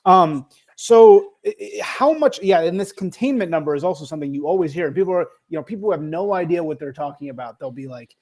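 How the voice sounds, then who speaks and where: A man's voice: a little high, expressive, fast talker, few pauses, a little mellow. A man hosting a podcast interview, reacting in short bursts and asking questions. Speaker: podcast host.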